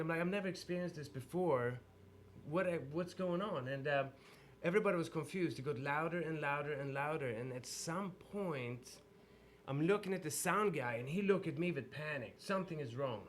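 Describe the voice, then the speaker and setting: A man's voice: a little high, fairly quick, a little hiss or hum. Swedish-accented man telling stories. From Sweden. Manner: animated storyteller with restarts. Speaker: guest. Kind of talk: casual interview storytelling.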